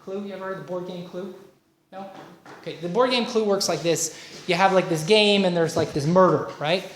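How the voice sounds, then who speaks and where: Female relationship coach, animated workshop delivery, echoey hall, light background hiss. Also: on the low side, brisk. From Canada. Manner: animated, frequent "okay?" and "right?" checks, acts out quoted voices. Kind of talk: lively workshop talk. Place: workshop room. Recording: echoey room, faint noise.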